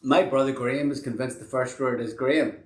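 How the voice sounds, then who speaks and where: A man's voice: medium pitch, steady tone, a little fast. A man hosting a casual online chat in a middle register. He rambles and pokes fun at himself, restarting his sentences as he goes. The room is echoey, with a faint hum of noise behind him. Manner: rambling, self-deprecating, with many restarts. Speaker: host and band member. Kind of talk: casual live-stream chat.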